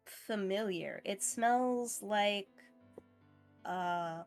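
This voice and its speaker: A woman's voice: mid-range voice, unhurried, fairly bright tone, soft background music. Rambling woman game master. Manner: meandering, frequent fillers, laughs easily. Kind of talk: narrating a tabletop game.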